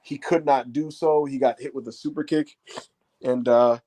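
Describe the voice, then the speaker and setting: A man recapping a wrestling show in casual chat, telling it with lots of fillers and acting out the quotes in big shouts. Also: medium pitch, moderate pace, no echo. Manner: animated retelling, acts out quotes in raised shouts.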